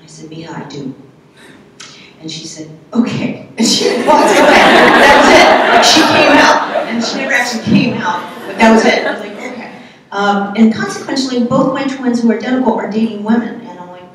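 A middle-aged woman speaking on a panel, telling a personal story in a candid, halting, soft-spoken way. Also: on the high side, slight background noise. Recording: echoey hall from far off.

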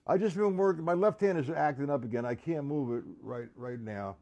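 A man giving a live-streamed drum lesson. He counts beats out loud and chats casually with viewers between exercises. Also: a little high, brisk, dull audio. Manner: counts out loud over drumming, chatty asides to viewers. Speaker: drum teacher. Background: drum kit playing.

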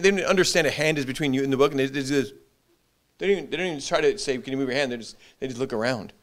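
A middle-aged man preaching a sermon as pastor, animated, repeating his words as he builds. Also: high-pitched. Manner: animated preaching, acts out short quoted voices, frequent repeated words.

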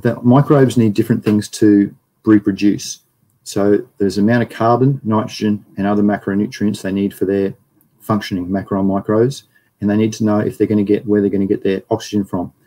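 Gravelly Australian man lecturing. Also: lowish voice, warm tone, rough recording. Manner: rambling, chatty, reads chat aloud. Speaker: livestream lecturer. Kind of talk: casual livestream lecture.

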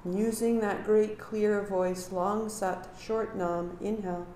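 A woman teaching a live yoga class, giving calm cues and then talking through a story in a lively way. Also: mid-range voice, slow, roomy sound, slight background noise. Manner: calm guiding cues, then animated storytelling with acted quotes.

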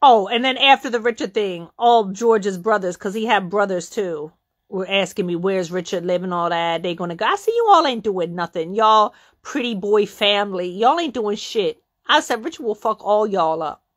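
A middle-aged woman telling a story in a casual, profane way, acting out the quotes with sudden jumps in pitch. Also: expressive, normal speed.

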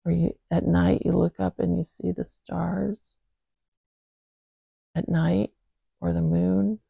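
Husky morning voice reading psalms slow and gentle, really dark and gravelly. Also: mid-range voice, level tone, dry recording. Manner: gentle, unhurried, reflective. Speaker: Bible reader and host. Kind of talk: slow scripture reading and prayer.

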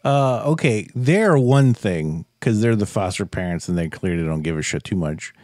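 A man's voice: on the low side, moderate pace, no room sound, clean studio sound. A man co-hosting a podcast, chatting casually about a movie, swearing a lot and acting out lines from it. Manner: profane, animated, acts out lines. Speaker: podcast co-host.

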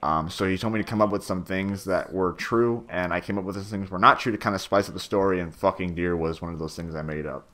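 A man's voice: sits low, fast talker, few pauses, fairly bright tone. A young man giving a rambling, stammering director's commentary on his own machinima, full of fillers and swearing.

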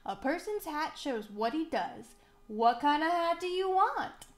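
A woman's voice: high-pitched, sing-song, unhurried, roomy sound, pitched above the performer's own voice. A woman voicing a helpful male hat shop clerk in a storybook reading, patient and matter-of-fact.

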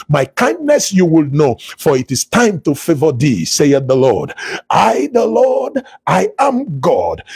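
A man's voice: fairly high pitch, darkish tone, husky, dry recording. A man leading a fervent prophetic prayer broadcast, declaring prophecy in repeated refrains and breaking into speaking in tongues. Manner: repeats refrains and calls for praise. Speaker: prayer leader.

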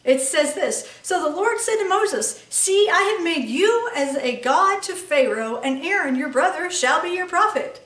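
A woman's voice: very high-pitched, lively intonation, unhurried, few pauses, a bit bright. A woman preacher teaching a sermon emphatically, checking in with her listeners by asking "okay?" again and again. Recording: echoey room, voice from a distance.

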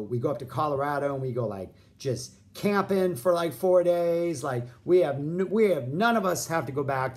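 A man's voice: medium pitch, a little mellow. A man in his fifties hosting a vlog, telling a long story in a rambling way, full of fillers and restarts. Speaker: host.

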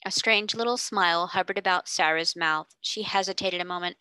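A woman tutor reading a classic novel aloud in clear, steady storybook narration. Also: lowish voice, fairly quick, no room sound.

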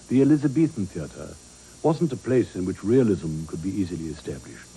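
A man narrates a documentary in a measured, explanatory tone. His voice sits low and sounds warm and mellow. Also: a little hiss or hum, rough recording. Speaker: documentary host.

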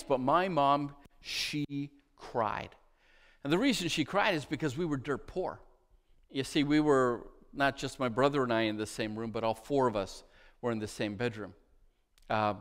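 A middle-aged man preaching a sermon as pastor, telling a childhood story and sinking to a hush at its tender moments. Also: mid-range voice, big-room sound. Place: church.

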